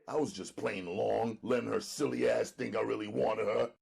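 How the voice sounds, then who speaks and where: A man narrating an audiobook dramatically, loud and emphatic, often near shouting. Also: fairly low pitch, fairly even intonation, moderate pace, vocal fry, hardly any pauses, husky.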